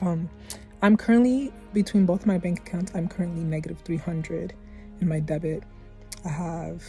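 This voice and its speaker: A woman's voice: lowish voice, warm tone. A young adult woman vlogging candidly about her life, heartfelt and rambling, often restarting her sentences. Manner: heartfelt, rambling, self-correcting. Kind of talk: candid personal vlog.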